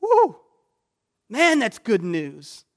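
A man with a notably high voice delivers a sermon to his congregation. He drifts from hushed, thoughtful stretches into loud, exclamatory preaching. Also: moderate pace. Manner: builds from quiet reflection to loud, exclamatory preaching. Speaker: pastor. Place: church sanctuary.

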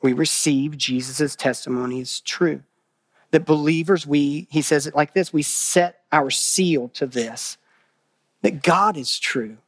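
A pastor preaching a sermon, earnest, repeating phrases for emphasis and asking the listeners questions. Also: male voice, a little high, measured pace, no echo, studio quality.

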